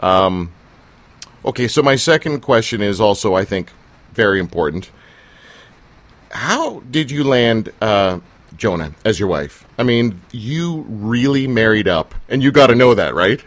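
A man's voice: fairly low pitch, big pitch swings, a little slow, dry recording. A man hosting a casual interview, teasing his guest in a jokey, rambling way with plenty of fillers. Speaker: interviewer and show host.

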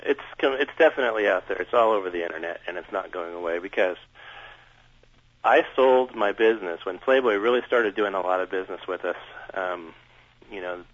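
A man with a very deep voice speaks earnestly and at length as a radio guest. His delivery is measured and candid, and the sound is dull and dry. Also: no echo. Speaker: interview guest.

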